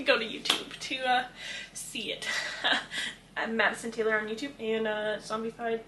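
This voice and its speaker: Young woman, podcast host, laughs a lot, bright, faint background noise. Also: a little high, fairly even intonation, normal speed. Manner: giggly, laughs often, swears. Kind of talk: casual chat.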